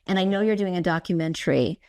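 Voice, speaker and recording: A woman hosts a casual conversational podcast interview, speaking effusively and telling stories in which she acts out her own past remarks and quoted inner speech. Her voice is lowish and a little mellow, and she talks quickly.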